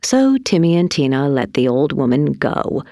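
A woman reading a children's story aloud in an expressive, deliberate storytelling manner. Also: extremely low pitch, no room sound, studio quality. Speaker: narrator.

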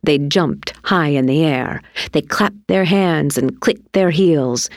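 A woman reading a children's story aloud with expressive delivery. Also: no echo, studio quality. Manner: slow and highly animated.

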